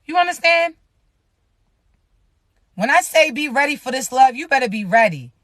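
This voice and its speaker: A high-pitched, bright-toned voice cuts through with blunt, profane spiritual love advice, driving each point home with repeated check-ins to the listener. The sound is dry and close, with no room echo. The talk is casual, motivational and unfiltered. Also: very animated, moderate pace. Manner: blunt, profane, emphatic, keeps asking "you understand me?".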